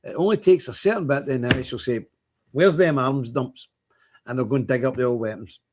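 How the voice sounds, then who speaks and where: A man delivers a livestream monologue in a blunt, emphatic style, hammering his points home by repeating them. His voice sits at an ordinary middle pitch for a man. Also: animated, racing, background noise. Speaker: streamer host.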